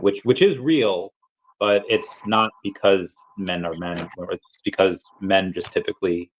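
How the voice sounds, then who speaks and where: A man's voice: low voice, slight background noise. A man hosting a casual chat, rambling and often repeating words. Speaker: host. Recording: dull lo-fi sound.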